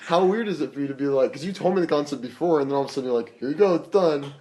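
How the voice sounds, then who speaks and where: A man's voice: medium pitch, racing, dark tone. A man co-hosting a podcast, talking in a laid-back way and telling stories with animation. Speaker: podcast co-host. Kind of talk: casual chat.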